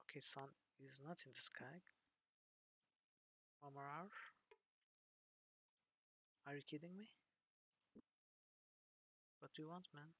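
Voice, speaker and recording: A man's voice: fairly high pitch, slow pace, pauses often, sharp tone, slight background noise. A man streaming an old computer role-playing game, reading the text aloud and making wry comments to himself.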